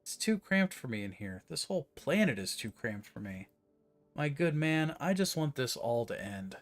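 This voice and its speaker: A man voicing a weary, hopeless tall man who talks in a low, gloomy, defeated way. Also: sing-song, normal speed, soft background music. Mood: despairing.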